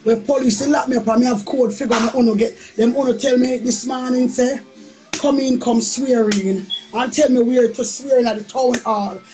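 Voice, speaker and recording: A woman's voice: fairly high pitch, steady tone, moderate pace, music in the background. A woman with a Jamaican accent chatting on a live stream, playful and boastful, repeating phrases in a sing-song chant. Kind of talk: casual live-stream chat.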